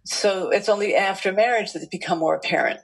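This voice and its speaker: A woman speaking as a relationship expert, telling stories from her interviews in an animated, rambling way with many restarts. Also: medium pitch, quick pace, vocal fry, breathy edge, low-quality recording. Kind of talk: storytelling interview answers.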